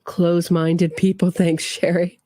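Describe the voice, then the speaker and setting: Woman, true crime livestream host, opinionated, lowish voice, dry close sound. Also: level tone, unhurried, mellow, no echo. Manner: opinionated, reads viewer comments aloud. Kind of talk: casual livestream commentary.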